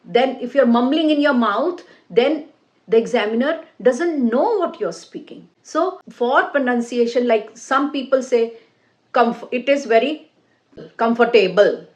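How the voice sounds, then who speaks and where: A woman who is a former IELTS examiner, giving an exam-prep lesson, explaining deliberately with fillers and restarts. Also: on the high side, darkish tone, lo-fi sound. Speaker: English teacher and ex-IELTS examiner.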